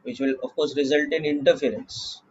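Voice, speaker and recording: A man with an Indian English accent teaching a physics class, explaining slowly and checking in with "okay" often. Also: mid-range voice, fairly even intonation, a little mellow, lo-fi sound, a little hiss or hum. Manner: slow, deliberate explaining with frequent "okay" checks. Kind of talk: classroom lecture.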